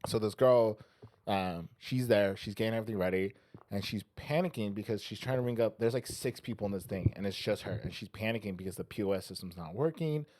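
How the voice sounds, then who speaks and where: A man's voice: lowish voice, fairly quick, darkish tone, dry recording. A man co-hosting a casual podcast, telling a long anecdote and acting out the people in it, with frequent swearing. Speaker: podcast co-host. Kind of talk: casual chat, storytelling.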